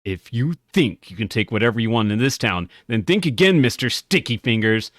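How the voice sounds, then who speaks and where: A man's voice: mid-range voice, lively intonation, a little fast, a bit bright, no room sound, clean studio sound. A man voicing a threatening male town guard who scolds a thief. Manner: menacing, scolding.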